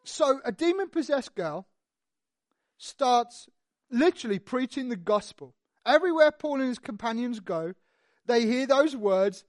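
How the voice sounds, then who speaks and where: A preacher giving a sermon, telling the story in an animated, conversational way with lively asides. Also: medium pitch, unhurried, dry recording, studio quality.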